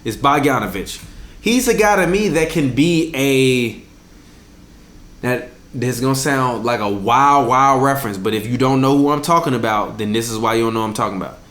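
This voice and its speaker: A man's voice: medium pitch, moderate pace, fairly bright tone. Argumentative man in an echoey room. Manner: argumentative, talks over his co-host, stumbles on names. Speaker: podcast co-host. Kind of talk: casual sports debate.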